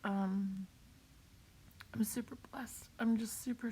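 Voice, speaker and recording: A woman talking on a live video while crying, in a halting way, repeating herself and laughing through her tears. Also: on the high side, steady tone, creaky, a little hiss or hum. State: tearful, crying. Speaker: vlogger sharing a cancer update. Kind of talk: emotional live video talk.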